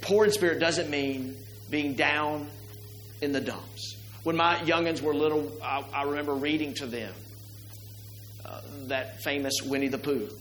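A man's voice: on the high side, a bit bright, echoey room, slight background noise, low-quality recording. A middle-aged man preaching a sermon to his congregation in a church, talking conversationally and asking the listeners many rhetorical questions. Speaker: pastor. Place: church sanctuary.

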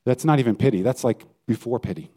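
A man's voice: medium pitch, fast, dark tone, breathy edge. A male pastor giving a conversational sermon and putting questions to his listeners. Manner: conversational preaching, asks the audience questions.

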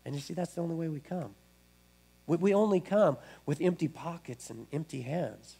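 Male pastor, conversational sermon delivery, slightly high pitch, gravelly edge. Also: moderate pace, dark tone. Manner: conversational preaching with frequent restarts.

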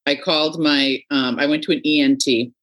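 A middle-aged woman hosting a podcast, telling stories in a casual, animated way and acting out the people she quotes. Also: deep voice, moderate pace. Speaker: podcast host. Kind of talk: casual interview chat.

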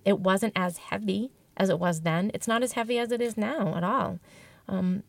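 A woman's voice: medium pitch, normal speed, creaky, no room sound. A woman guest telling a candid personal story in an interview, reflective and emotional, often restarting her sentences.

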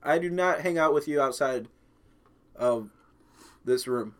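A man's voice: medium pitch, unhurried, fairly bright tone. A young man co-hosting a podcast, teasing and swearing in casual chat, laughing easily. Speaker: podcast co-host.

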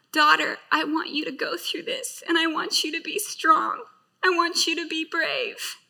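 A woman's voice: high voice, bright, forceful tone. A woman pastor in her late thirties sharing a personal testimony in a sermon, speaking in an earnest, heartfelt way. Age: late 30s.

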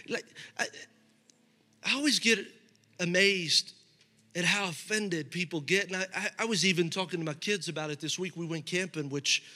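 A middle-aged pastor's slightly high, bright voice comes across forcefully as he preaches a sermon in a loose, conversational style, frequently restarting. The recording has hall reverb and some faint music.

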